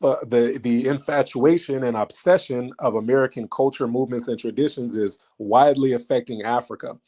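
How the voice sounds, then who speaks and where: A man hosting a live stream, talking straight to his viewers in an animated, mocking way and repeating lines for emphasis. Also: mid-range voice.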